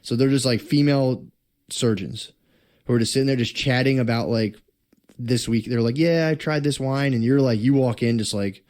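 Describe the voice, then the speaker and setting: A man's voice: mid-range voice, darkish tone. Profane, rambling young man telling a story. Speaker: podcast co-host. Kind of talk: casual podcast chat.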